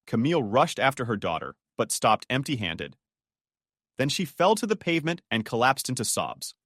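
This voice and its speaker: A man's voice: mid-range voice, sing-song, moderate pace, a bit bright, dry recording, clean studio sound. A man narrating a scripted drama story in a dramatic storytelling manner.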